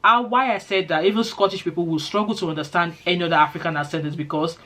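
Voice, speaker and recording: Fast-talking Nigerian woman vlogger. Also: fairly low pitch. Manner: fast-talking, lively storytelling. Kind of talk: casual chat to camera.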